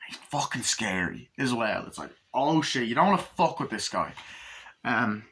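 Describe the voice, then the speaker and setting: A man talks through a film he loves in a loose, rambling way, full of fillers and swearing. His voice sits at an ordinary pitch with a bright, forward edge. He keeps breaking into the film's lines as he retells the plot. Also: very animated, normal speed, slight background noise. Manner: retells scenes by acting out lines in raised, shouty voices, heavy swearing. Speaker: movie reviewer. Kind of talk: casual spoken movie review.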